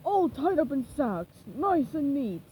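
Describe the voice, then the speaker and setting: A woman voicing a male pirate henchman with a rasping voice, loud and slow. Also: sits high, very animated, slight background noise, exaggerated voice, poor audio. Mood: eager. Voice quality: raspy.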